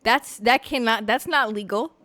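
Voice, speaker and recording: A woman hosting a podcast in casual chat, brash and excitable, swearing freely. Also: a little high, moderate pace, dry recording, soft background music. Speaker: podcast host.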